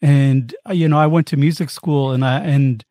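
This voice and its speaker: A man's voice: on the high side, fairly even intonation, normal speed, mellow, dry recording, clean studio sound. A man from the East Coast of the United States hosting a podcast, chatty and self-deprecating as he tells stories. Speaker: podcast host. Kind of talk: conversational interview.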